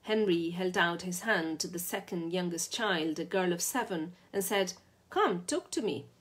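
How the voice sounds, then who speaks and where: A woman reads a literary short story aloud in a steady, measured voice. Her tone is low and slightly husky. The delivery is calm and even. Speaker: reader.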